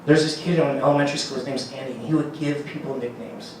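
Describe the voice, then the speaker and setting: Rambling comedian in a very echoey room. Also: male voice, medium pitch, steady tone, quick pace, a little hiss or hum. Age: 30s. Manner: rambling, profane, acts out dialogue in raised voices. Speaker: stand-up comedian. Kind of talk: stand-up comedy set. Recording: very echoey room, mic from a distance.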